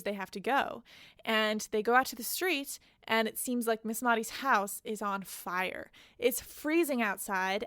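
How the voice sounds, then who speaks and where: Woman podcaster, kinda high voice, dry close mic, casual recap w/ little asides. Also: sharp tone, no echo. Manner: chatty, quick retelling with personal asides. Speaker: podcast host.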